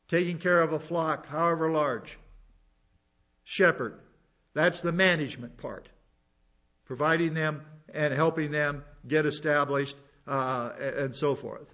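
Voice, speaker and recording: A man's voice: fairly high pitch, a bit bright. Earnest man preaching, dull lo-fi sound. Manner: earnest, explains scripture verse by verse with asides. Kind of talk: sermon.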